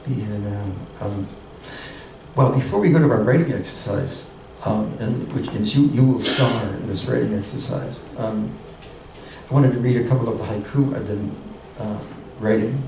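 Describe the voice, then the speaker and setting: An older man, a poet, reading poems slowly and repeating each short one, then talking to a group. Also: lowish voice. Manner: slow, measured reading, repeating each haiku twice. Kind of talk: poetry reading and talk to a group. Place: arts center room with an audience. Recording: echoey room, mic far off, noisy.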